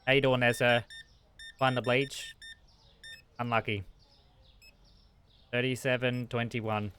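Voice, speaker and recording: A young man commentates his game live, flustered and talking back to in-game customers. His voice is bright and forward, with a crisp, clear tone. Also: mid-range voice, level tone, slow pace. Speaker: streamer. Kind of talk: live-streamed gameplay commentary.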